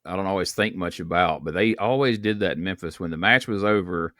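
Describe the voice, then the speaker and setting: A podcast host, chatting casually and telling stories with laughs. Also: male voice, low voice, fairly quick, a bit bright, dry recording, clean studio sound. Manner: storytelling, laughs, swears casually. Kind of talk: casual chat.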